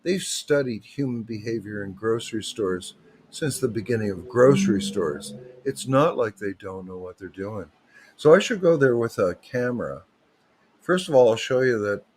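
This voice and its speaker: A man's voice: mid-range voice, expressive, moderate pace, husky. A man, hosting a livestream with rambling, joking, digressive chat. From Canada. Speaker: livestream host.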